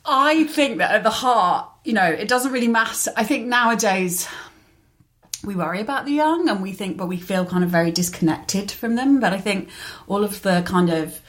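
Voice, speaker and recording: Chatty woman, animated and laughing. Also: medium pitch, normal speed. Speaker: guest author. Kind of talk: casual chat.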